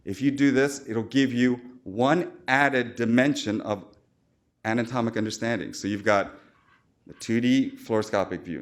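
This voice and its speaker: A man lecturing as a surgeon at a medical conference, informal and chatty, with jokes and quoted asides. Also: medium pitch. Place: lecture hall.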